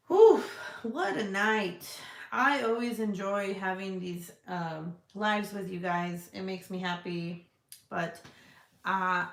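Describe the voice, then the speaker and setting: A woman in her thirties hosting a casual live stream from a room at home, chatting bluntly, swearing freely and laughing as she reads viewer comments. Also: medium pitch. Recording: echoey room.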